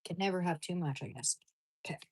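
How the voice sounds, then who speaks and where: A woman with a husky, breathy voice chats casually over her food. She keeps turning to talk sweetly to her dogs, apologizing and coaxing them between bites. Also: lowish voice, fast. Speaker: vlogger. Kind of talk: casual eating vlog.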